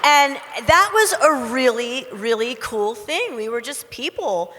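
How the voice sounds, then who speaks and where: A woman's voice: sits high, expressive, measured pace, sharp tone, big-room sound. A woman on a convention panel speaking earnestly and saying "you know" often. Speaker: actress on a panel. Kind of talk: panel talk.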